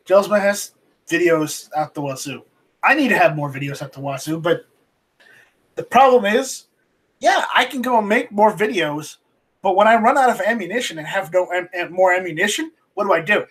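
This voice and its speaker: A man hosting a casual live stream off camera, reading viewer chat aloud and talking in a halting, rambling way with many restarts. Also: high-pitched, fairly bright tone, breathy edge. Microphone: home streaming mic, voice only, off camera.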